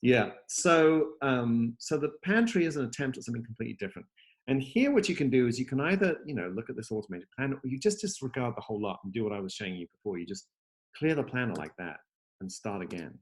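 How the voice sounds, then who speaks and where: A man talks through his app over a video call from home, upbeat and rambling, full of ums and restarts. His voice sits at an ordinary middle pitch. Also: lively intonation, quick pace. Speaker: software company host demoing his app. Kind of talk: casual demo chat over video call.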